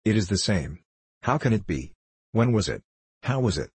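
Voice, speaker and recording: Man reads broken old male prisoner: dazed, halting, low and husky. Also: very animated, dry recording, heavily acted. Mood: dazed, bewildered. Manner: halting, bewildered questions.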